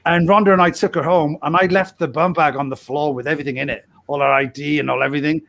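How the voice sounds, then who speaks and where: A man with a fairly high voice tells a long anecdote as a podcast guest, his sentences restarting and spilling into each other. He breaks into laughter mid-phrase again and again and shifts his voice for the people he quotes. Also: fairly even intonation, fast, vocal fry, fairly bright tone. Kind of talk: casual storytelling.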